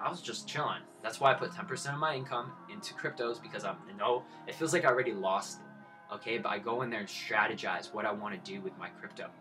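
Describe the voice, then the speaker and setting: A man in his 20s with a medium-pitched voice live-streams blunt, profane commentary on his crypto trades while lecturing his viewers.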